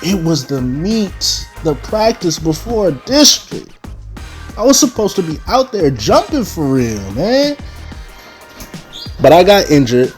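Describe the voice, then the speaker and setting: Animated young man telling a story. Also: fairly high pitch. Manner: animated storyteller, talks straight to the audience. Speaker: vlogger. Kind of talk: casual storytime.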